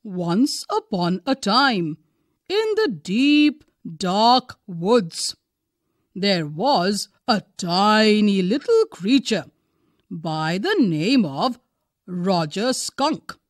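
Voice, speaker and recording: A woman's voice: mid-range voice, drawn-out words, no echo, clean studio sound. Woman reading as a storytelling father. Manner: animated storytelling, emphatic. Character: young father telling bedtime story, warm storyteller.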